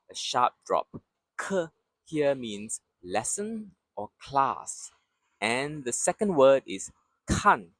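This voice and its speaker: A man teaching pronunciation patiently, speaking slowly and drilling repeated syllables. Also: mid-range voice, very animated, fairly bright tone, no echo. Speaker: Mandarin teacher. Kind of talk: slow pronunciation lesson.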